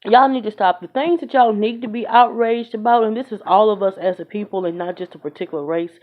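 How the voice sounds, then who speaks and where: A woman vents bluntly and emphatically, talking straight to her viewers. Her voice is mid-pitched and comes through dull, lo-fi phone audio. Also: steady tone, quick pace. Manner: emphatic, blunt, fed-up, conversational. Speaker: vlogger. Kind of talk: opinionated phone vlog rant.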